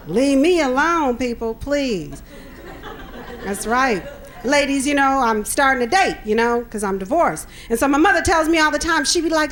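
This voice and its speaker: A woman's voice: sits high, lively intonation, normal speed, a bit bright, some chatter behind. A middle-aged woman doing a stand-up comedy set, sassy and punchy, laughing at her own jokes.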